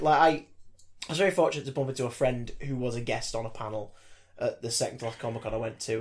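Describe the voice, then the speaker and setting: A podcast host, telling anecdotes in casual chat, acting out the voices of people in the story and using lots of fillers. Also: medium pitch. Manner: lively storyteller, acts out quoted voices, many fillers.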